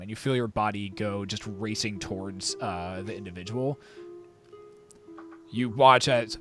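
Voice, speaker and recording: A man's voice: fairly low pitch, steady tone, measured pace, long pauses, fairly bright tone, faint music behind. A man narrating as dungeon master for a tabletop game, full of hesitations and fillers.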